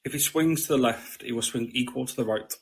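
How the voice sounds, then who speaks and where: A man's voice: medium pitch, brisk. A man, a podcast guest in casual spiritual conversation, blunt and swearing freely, often asking "you know what I mean".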